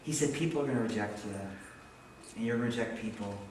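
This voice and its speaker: A man preaching a sermon, telling a story that builds to excited shouts. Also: mid-range voice, quick pace, background noise. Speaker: pastor. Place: church sanctuary. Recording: echoey church hall from far off.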